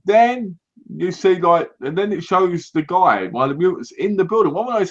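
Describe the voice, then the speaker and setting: Animated man reviewing a movie, lo-fi. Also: high voice, normal speed. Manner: animated, laughing retelling of scenes. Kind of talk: casual chat. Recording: dull lo-fi home recording.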